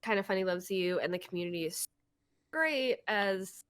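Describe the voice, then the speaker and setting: A woman in a casual group chat, speaking softly and calmly to reassure a friend. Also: medium pitch, moderate pace, clean tone, no room sound. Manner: soft, calm and reassuring. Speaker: panelist.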